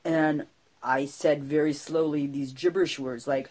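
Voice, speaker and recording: Woman spinning a funny story on a podcast, lowish voice, chatty and self-mocking, lots of "you know". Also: measured pace. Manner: animated, self-deprecating, many fillers. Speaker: podcast co-host, storyteller in character. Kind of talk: casual spoken storytelling.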